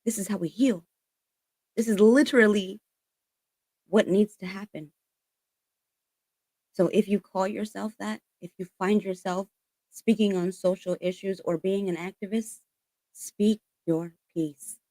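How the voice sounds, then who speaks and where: A woman's voice: mid-range voice, fairly even intonation, a little slow, long pauses, darkish tone, no echo. A woman giving a casual spiritual tarot reading, earnest and emphatic, swearing freely as she passes on encouraging messages. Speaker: tarot reader.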